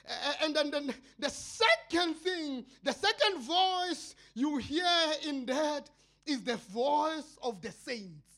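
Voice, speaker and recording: Slow impassioned South African preacher man. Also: lively intonation. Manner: impassioned, swinging between shouted cries and low murmurs. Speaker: pastor. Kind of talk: sermon.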